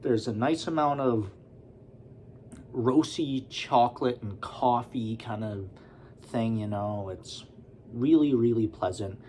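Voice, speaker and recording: Slow-talking man reviewing a beer. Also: medium pitch, slight background noise. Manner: relaxed, rambling, with many fillers and asides.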